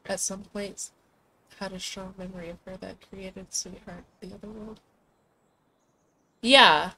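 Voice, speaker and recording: A woman's voice: medium pitch, fairly even intonation, measured pace, pushed and bright, a little hiss or hum. A young woman streaming a game, joking to herself and reading dialogue aloud. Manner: playful, joking asides to herself. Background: faint game music.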